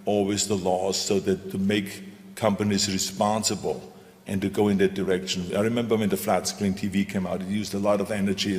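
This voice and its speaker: Emphatic male panel speaker, somewhat low voice, hall echo on the recording. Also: darkish tone. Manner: emphatic, repetitive, motivational. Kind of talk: stage panel talk. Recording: reverberant hall.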